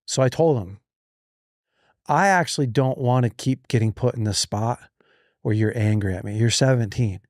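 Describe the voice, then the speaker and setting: Animated man telling a family story on a podcast. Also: mid-range voice, moderate pace, dry recording, studio quality. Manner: animated, acts out quoted voices. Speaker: podcast host. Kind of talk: casual storytelling chat.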